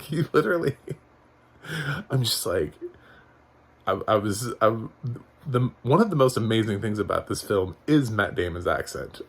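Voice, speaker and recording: A man's voice: lowish voice, creaky, breathy edge. A man giving a casual spoken movie review, rambling with frequent chuckles, fillers and restarts. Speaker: film reviewer.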